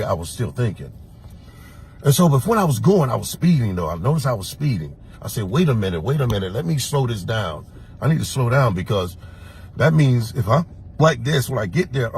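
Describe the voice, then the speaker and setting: A man from Florida who works as a security officer, telling a personal story in an animated, emphatic way and acting out the lines he quotes. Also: mid-range voice, slight background noise.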